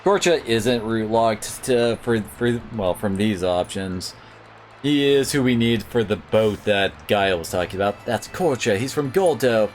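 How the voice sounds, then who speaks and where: A male streamer rambles casually through his gameplay, his pitch rising and falling freely. Faint game music sits behind his voice. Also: lively intonation, moderate pace. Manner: rambling, lots of 'like'. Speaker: let's play streamer.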